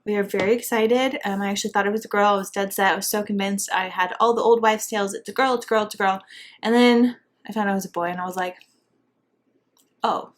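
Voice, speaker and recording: A woman's voice: mid-range voice, steady tone, fast talker, few pauses. A young woman chatting casually through a makeup tutorial, bubbly and full of fillers, a little out of breath as she talks. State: pregnant and out of breath. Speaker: beauty vlogger.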